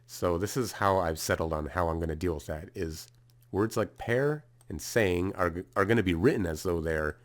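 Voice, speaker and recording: Casting: man with a very low voice, relaxed self-taught lesson tone, casual phrasing, sounds out letters. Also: moderate pace. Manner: casual, thinking aloud, fillers and restarts while sounding out runes. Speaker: video creator explaining a rune spelling system.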